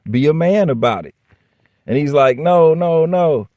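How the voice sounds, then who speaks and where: A man's voice: on the high side, lively intonation, measured pace, a little mellow, no room sound. A man casually telling a workplace story straight to the camera, blunt and profane, acting out both sides of the dialogue. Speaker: vlogger.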